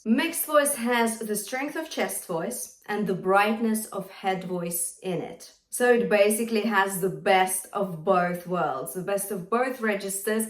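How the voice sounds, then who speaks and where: A woman singing teacher explaining vocal registers in a clear, encouraging way. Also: medium pitch, roomy sound, recorded from a distance. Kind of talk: vocal lesson with sung demonstrations.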